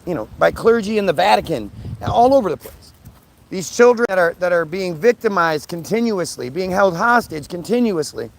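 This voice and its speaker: A man with a fairly high voice for a man rants on a live stream, blunt and combative, swearing freely as he answers viewer comments. There is a faint noise under his voice.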